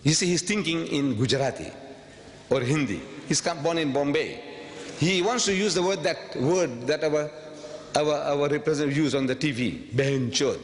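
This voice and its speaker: A man lectures an audience in a big hall, his somewhat high voice ringing out with a long echo and a faint hiss underneath. He argues emphatically and rhetorically, repeating phrases for effect and jumping from low asides to sharp, high bursts. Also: normal speed. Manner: swings from quiet asides to sudden high outbursts. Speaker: public speaker. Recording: long hall reverb, faint background noise.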